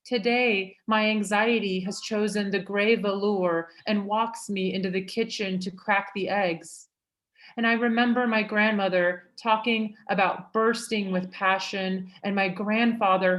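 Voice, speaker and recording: A woman with a mid-range voice reads her own poems at a slow, unhurried pace. Her delivery is plain and even, with a dry humor to it, as if heard over a video call. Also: medium pitch. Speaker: poet. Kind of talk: reading her own poetry aloud.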